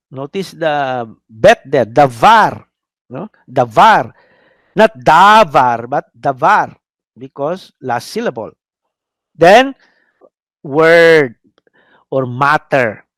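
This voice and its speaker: A priest with a Filipino accent and a fairly high voice lectures a class on biblical Hebrew, drilling pronunciation and tagging sentences with "no?". He sounds hesitant, with many "uh" fillers and restarts, and there's no room sound.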